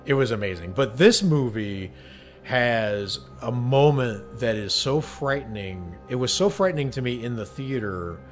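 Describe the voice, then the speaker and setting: A man co-hosting a podcast, talking in a chatty, enthusiastic way and laughing easily. His pitch sits in an ordinary middle range. Faint music plays quietly underneath. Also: expressive, a little slow. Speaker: podcast co-host. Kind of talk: casual podcast discussion.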